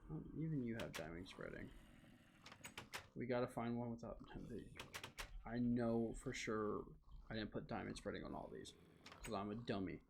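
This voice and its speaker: A young man livestreams from his home gaming setup, rambling through his plans with plenty of fillers and jokes at his own expense. His voice has a gravelly, creaky edge, and a faint background noise sits under the recording. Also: on the low side, animated, moderate pace, pauses often. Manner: rambling, filler-heavy, self-deprecating. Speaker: streamer. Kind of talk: casual gaming livestream chat.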